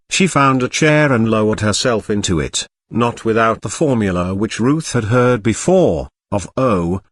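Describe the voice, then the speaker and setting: A male text-to-speech voice reading a novel aloud as scripted narration, with an even machine delivery and occasional mispronounced words. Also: mid-range voice, no room sound, studio quality. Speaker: audiobook narrator.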